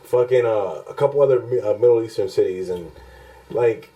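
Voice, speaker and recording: Mellow-voiced man rambling on a podcast. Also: fairly low pitch, brisk, poor audio. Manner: profane, rambling, laughs often. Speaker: podcast co-host. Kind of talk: casual podcast chat.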